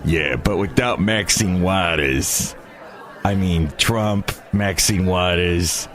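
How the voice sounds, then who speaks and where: A man doing a deep deadpan parking attendant. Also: slow pace, a faint crowd, a little hiss or hum. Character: male parking attendant, deadpan Trump supporter.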